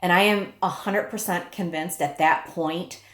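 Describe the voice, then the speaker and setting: A woman with a fairly low voice shares a personal story straight to camera, candid and emotional, with swearing slipping in freely. Her voice rings in an echoey room. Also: fairly even intonation, unhurried, fairly bright tone. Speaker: widow telling her story.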